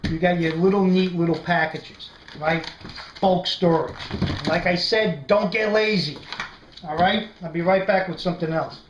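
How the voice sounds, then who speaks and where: A man's voice: high voice, normal speed, highs cut off. Casual New York male vlogger, chatty, keeps checking in with listeners, echoey room with faint hiss. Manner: chatty, says "right?" constantly, animated storyteller. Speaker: prepping video host. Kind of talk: casual how-to vlog.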